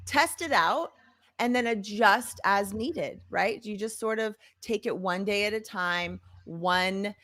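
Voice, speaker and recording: A woman co-hosting a podcast, chatting casually and encouragingly, acting out quoted voices with lively energy. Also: mid-range voice, takes it slowly. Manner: animated, acts out quoted voices. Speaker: podcast co-host.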